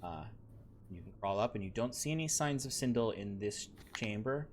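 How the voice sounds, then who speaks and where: A man's voice: fairly low pitch, animated, moderate pace, a little hiss or hum. A man narrating as game master of a tabletop game, rambling with many fillers.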